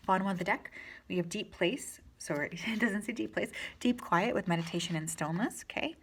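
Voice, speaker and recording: A woman giving a pick-a-card tarot reading, talking in a gentle, reassuring and chatty way, with fillers. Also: medium pitch, brisk, breathy edge. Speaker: tarot reader.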